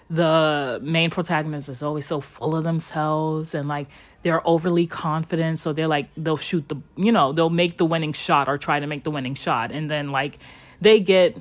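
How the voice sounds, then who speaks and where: A woman hosting a podcast, recapping an anime episode in a rambling, chatty way with lots of fillers and some swearing. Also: low voice. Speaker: podcast host.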